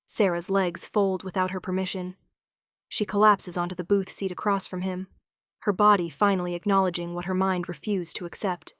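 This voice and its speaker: A woman narrating a scripted romance story in a measured, dramatic storytelling style, recorded on a close mic. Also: on the low side, dry recording.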